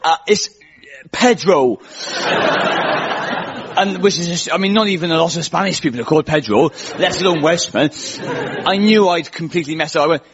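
A man with a slightly high voice tells wry, self-mocking stand-up stories to a live audience. The recording is dull and lo-fi. Laughter and noise from the crowd are heard behind him. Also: normal speed. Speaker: comedian host. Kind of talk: stand-up comedy monologue.

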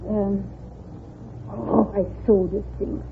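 A woman's voice: medium pitch, flat delivery, slow, vocal fry, background noise. Giggly, hesitant woman quiz contestant. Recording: tinny old broadcast, loud audience.

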